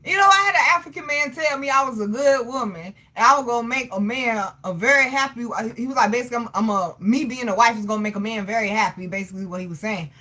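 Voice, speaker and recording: A woman's voice: a little high, fast, hardly any pauses, bright, forceful tone. A woman hosting a casual livestream, teasing her chat and laughing often. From Portsmouth, Virginia, US. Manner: teasing, laughs often, frequent 'okay?' tags. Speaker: livestream host.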